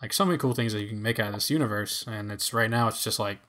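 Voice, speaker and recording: A man's voice: on the low side, rapid-fire, fairly bright tone. Casual rambling male podcast host. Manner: rambling, filler-heavy. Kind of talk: casual chat.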